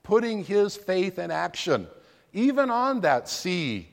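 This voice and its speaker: A male pastor preaches in a slightly high voice with a lot of swing in his pitch. He takes his time and leans hard on key words. His voice rings out with long reverb in a large church. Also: big pitch swings, takes it slowly, gravelly. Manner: emphatic, dramatic preaching delivery. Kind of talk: sermon.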